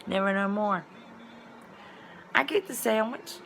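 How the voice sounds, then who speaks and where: A woman vlogger telling a story in a casual, colloquial way, with sudden loud exclamations. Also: medium pitch, unhurried, vocal fry, slight background noise.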